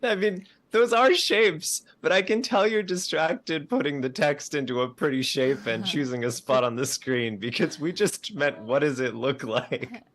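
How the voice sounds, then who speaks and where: A man's voice: fairly high pitch, unhurried, fairly bright tone. A man playing as a guest on a tabletop game stream over a video call, teasing the others with dry humor. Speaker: guest player.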